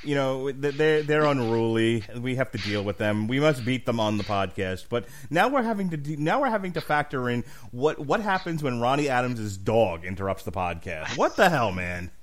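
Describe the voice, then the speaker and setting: Male podcast host, playful, chatty, mid-pitched. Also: very animated, moderate pace, hardly any pauses. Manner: joking, does goofy voices. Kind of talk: casual podcast chat.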